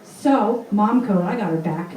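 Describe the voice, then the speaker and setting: A woman's voice: medium pitch, unhurried, a little mellow, echoey room, recorded from a distance, poor audio. A woman from Vermont in her thirties doing a brash, self-mocking stand-up set in a comedy club. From Vermont, USA.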